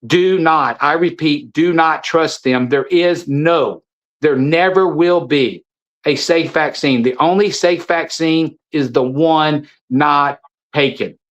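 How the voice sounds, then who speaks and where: A man's voice: on the high side, takes it slowly, muffled recording. A middle-aged man speaking as a guest in an impassioned, preachy monologue, repeating phrases and restarting his sentences. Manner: preachy, repetitive, stumbling restarts. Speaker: guest, supplement seller.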